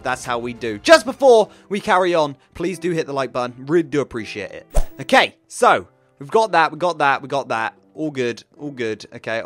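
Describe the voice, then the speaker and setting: A man's voice: on the high side, fairly bright tone. A young man giving playful Minecraft let's-play commentary, repeating phrases in a sing-song way. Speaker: gaming YouTuber.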